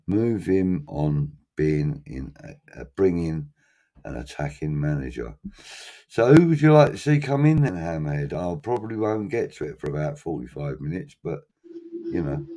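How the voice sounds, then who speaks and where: Guy hosting a fan chat, really low voice, lots of ums and pauses. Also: lively intonation, dark tone. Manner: chatty, hesitant with many ums. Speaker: podcast host reading chat comments. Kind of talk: casual fan chat show.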